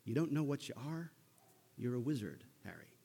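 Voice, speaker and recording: A man voicing a huge, gruff male giant with a half-attempted accent, spoken low and quiet. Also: big pitch swings, normal speed, full character voice.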